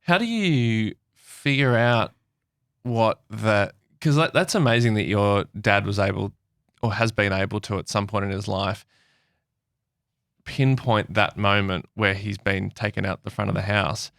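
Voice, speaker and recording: A man's voice: on the low side, unhurried, vocal fry, a bit bright, no echo, clean studio sound. A man co-hosting a podcast, asking curious questions and joking with the guest. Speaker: podcast co-host. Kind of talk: podcast conversation.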